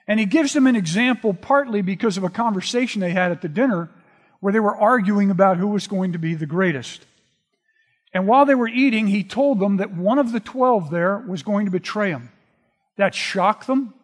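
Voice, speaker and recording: A man preaching a sermon, retelling scripture in a relaxed, conversational storytelling way. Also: high-pitched, normal speed. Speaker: pastor. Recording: long reverb of a large hall.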